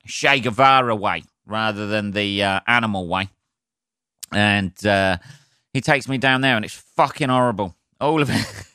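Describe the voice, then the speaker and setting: A man's voice: mid-range voice, pushed and bright, clean tone, dry recording, studio quality. A man with a Southern English accent hosting his own podcast, ranting to listeners with plenty of swearing and jokey asides. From southern England. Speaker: podcast host, stand-up comedian.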